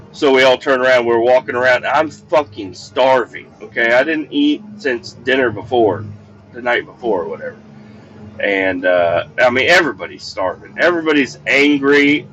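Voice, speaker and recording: A man's voice: medium pitch, a bit bright, lo-fi sound. A middle-aged man telling a rambling, exasperated story full of swearing, recorded while driving in a car. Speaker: podcast host. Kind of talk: casual profane storytelling. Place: in a moving car. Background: faint vehicle noise.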